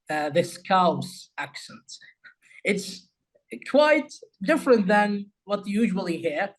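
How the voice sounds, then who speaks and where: A man's voice: high voice, poor audio. A man whose first language is Arabic, hosting a talk and explaining English accents, often addressing viewers as "guys" and repeating phrases. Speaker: host.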